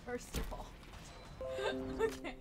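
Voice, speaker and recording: A woman's voice: very slow, loud music behind the voice. A woman streaming a game, chatting casually and laughing often. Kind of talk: casual chat while playing.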